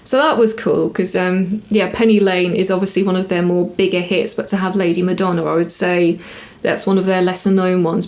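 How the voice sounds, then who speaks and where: A woman talking casually to camera as she reviews a TV episode, rambling a little, correcting herself and filling pauses as she thinks aloud. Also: lowish voice, a little mellow. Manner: chatty, rambling with fillers and self-corrections.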